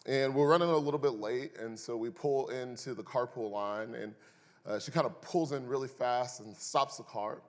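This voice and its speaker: A young man preaches in a church sanctuary, his voice carrying a long reverb through the hall. His pitch sits in an ordinary middle range. He tells stories with animated swings and slips in dry, joking asides to the congregation. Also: moderate pace. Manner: animated, building to loud emphasis in stories. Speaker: pastor. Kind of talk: sermon with personal storytelling.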